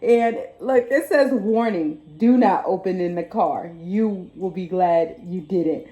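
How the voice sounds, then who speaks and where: A woman from Texas, chatting excitedly and laughing as she opens gifts on her vlog. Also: on the low side, slow, reverberant. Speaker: vlogger. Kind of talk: casual unboxing chat.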